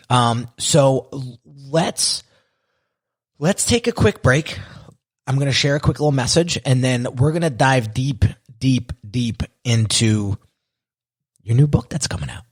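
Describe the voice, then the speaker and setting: Hyped-up husky podcast host. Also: male voice, medium pitch. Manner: hyped, enthusiastic. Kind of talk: podcast interview.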